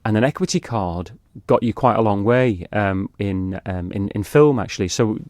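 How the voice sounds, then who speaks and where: A middle-aged man with a lowish voice tells stories about his acting work in a relaxed radio chat. He pokes fun at himself as he goes. The studio sound is dry and close. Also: normal speed, no echo. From Isle of Man. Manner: chatty anecdotal storyteller, self-mocking with frequent laughs. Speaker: actor guest. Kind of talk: casual radio interview.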